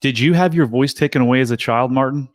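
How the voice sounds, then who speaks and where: A male podcast host with a mid-range voice talks quickly and affirms his guest. He asks reflective questions in a brisk way. His audio is dry, with no room echo. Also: medium pitch. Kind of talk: interview questions.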